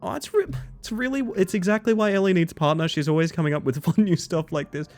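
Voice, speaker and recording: A man streaming live and chatting casually with his viewers, animated, often breaking into high squeals and laughter. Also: fast, soft background music. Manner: chatty, thanks viewers warmly.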